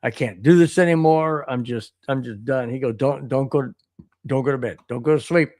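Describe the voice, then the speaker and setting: An American man co-hosting a casual sports podcast, telling a rambling story and reading out viewer chats in an excitable way. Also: mid-range voice, moderate pace, no room sound, studio quality. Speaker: podcast co-host.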